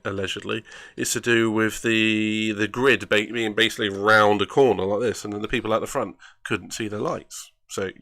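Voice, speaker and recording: A man's voice: lowish voice, gravelly, fairly bright tone. A man chatting casually while streaming a racing game, rambling and grumbling at himself with self-mocking asides.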